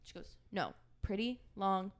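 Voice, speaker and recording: A young woman co-hosting a chat podcast, spinning a long anecdote. She slips into quick impressions of the people in the story, then goes back to her own relaxed, mid-pitched voice. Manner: animated storyteller who acts out quoted dialogue. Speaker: podcast co-host.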